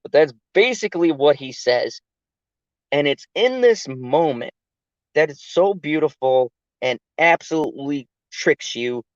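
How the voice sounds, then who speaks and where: An adult reviewer talking through a TV episode in a casual, animated way and swearing freely. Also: medium pitch, unhurried, dry recording, muffled recording. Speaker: TV show reviewer.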